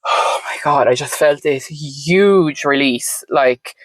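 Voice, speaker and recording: As a podcast guest, a woman recounts her story in a reflective, meandering, conversational way, frequently saying "like" and "um." Her voice is low-pitched and slow, and the low-quality recording has no echo.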